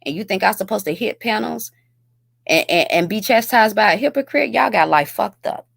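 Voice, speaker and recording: A woman's voice: mid-range voice, animated, normal speed, gravelly, fairly bright tone, dry recording. A woman hosting a commentary video, ranting bluntly and scornfully with heavy profanity. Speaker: YouTube commentary host.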